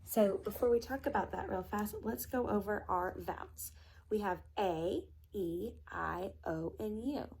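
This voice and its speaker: A woman teacher giving a phonics lesson to young children, sounding out letters and words slowly and carefully. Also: mid-range voice, gravelly, a little mellow, husky.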